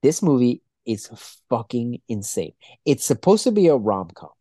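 Man, young adult, casual podcast chat, swears a lot, rambling, excitable. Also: mid-range voice, normal speed, dry recording. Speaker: podcast co-host.

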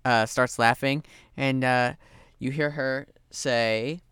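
A man's voice: medium pitch, fairly even intonation, slow pace, fairly bright tone, smooth, dry recording, clean studio sound. A man narrating as game master of a tabletop game, laid-back and hesitant with many ums.

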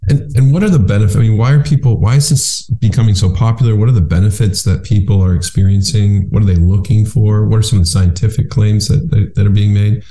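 Male podcast host, low dark voice, rambling and stammery restarts, echoey room. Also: quick pace, hardly any pauses. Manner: rambling, repeats words when starting sentences. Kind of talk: conversational interview. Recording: roomy echo.

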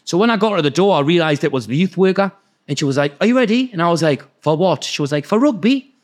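A man with a Geordie accent telling rowdy, sweary stories in casual chat and acting out the people in them. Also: a little high. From North East England. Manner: fast, sweary, laughing, acts out quoted voices. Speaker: podcast guest. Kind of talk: casual storytelling.

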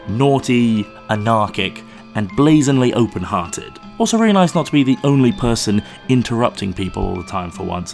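An English podcast host whose Oxford speech carries a slight American twang, and his pitch swings up and down as he talks. His manner is cheeky and playful, and he laughs easily at his guests. Soft music plays faintly behind him. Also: gravelly. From England. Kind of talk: casual podcast chat.

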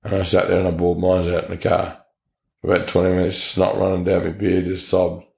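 A man's voice: low-pitched, completely flat delivery, quick pace, gravelly, darkish tone. An Australian man telling his personal story in an interview, blunt and earnest, with plenty of slang. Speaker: interview guest. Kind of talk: personal testimony. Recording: echoey room.

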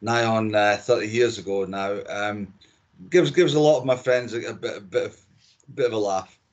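Chatty Scottish man, low voice. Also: normal speed, dull audio. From Scotland. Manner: chatty and opinionated, with frequent repeats. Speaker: guest. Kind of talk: casual podcast interview.

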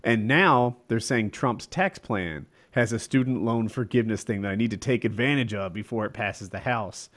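A man's voice: on the low side, normal speed, hardly any pauses, a bit bright. A man chatting casually among friends, telling stories in a dry, rambling way with frequent restarts. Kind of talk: casual chat.

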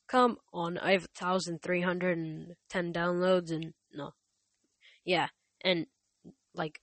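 Casual stumbling podcast reader. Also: female voice, on the low side, no echo. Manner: stumbling restarts, many fillers. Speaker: podcast host reading a book aloud. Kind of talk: casual reading and chat.

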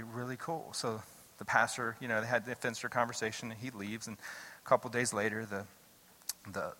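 A man's voice: a little high, long reverb tail. A middle-aged man preaching a sermon as a pastor, telling stories in a loose, conversational way with lots of restarts. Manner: conversational, animated storytelling with repeated restarts.

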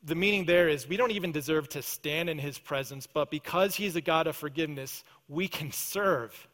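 A male pastor preaching a sermon, earnest, often dropping to a soft, intense prayer voice. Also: a little high, moderate pace. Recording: church hall reverb.

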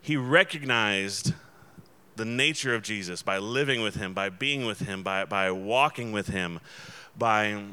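A man preaching in an easygoing, chatty way, his voice bright and forward. He sounds crisp and smooth, and he keeps turning to his listeners with quick asides between fillers and restarts. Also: on the low side. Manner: casual and chatty, many fillers and restarts, checks in with the audience. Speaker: pastor. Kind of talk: conversational sermon.

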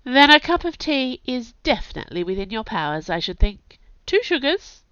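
A woman with a cold voicing a stern, poised older witch who speaks in a brisk, businesslike way. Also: a little high, very animated, fairly bright tone, clean tone, dry recording, pitched above the performer's own voice. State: has a cold. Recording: dull, dry audio.

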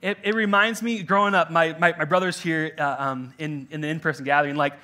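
A man's voice: a little high, fairly even intonation, brisk, bright, forceful tone. A young adult man preaching a conversational sermon, jokey and loose, with lots of filler words. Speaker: pastor. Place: church in-person gathering.

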